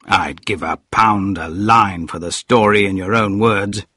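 Brash editor read by a man; deep, raspy, forceful and insistent. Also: measured pace, no echo, clean studio sound, heavily acted. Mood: pressing. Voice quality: loud and insistent.

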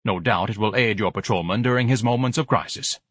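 A man's voice: fairly low pitch, a little fast, a bit bright, slightly rough, no echo, clean studio sound. A man voicing a pompous, fussy grown man who speaks in lofty, formal phrases. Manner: haughty, lofty, fussy diction, shrieks when upset.

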